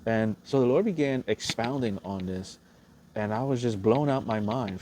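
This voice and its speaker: A man sharing a spiritual testimony in a casual, halting way, with many restarts and fillers. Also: medium pitch, dark tone, a little hiss or hum. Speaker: Christian video preacher.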